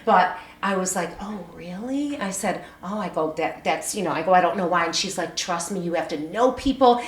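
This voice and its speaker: A woman's voice: on the low side, a little fast, reverberant. A woman from upstate New York, a podcast guest, telling a long story in casual chat and acting out other people's lines. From Syracuse, New York.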